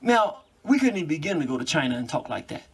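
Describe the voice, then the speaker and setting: Animated high-voiced man. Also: husky. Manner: animated, quick bursts with laughs. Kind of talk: monologue.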